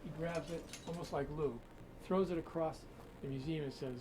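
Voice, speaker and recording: A man's voice: on the high side, steady tone, moderate pace. Guy spinning a spooky tale in a museum, chatty and dramatic, lots of background noise. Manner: conversational, dramatic retelling with many asides. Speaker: storyteller guiding a museum tour. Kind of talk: spooky storytelling. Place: a museum room.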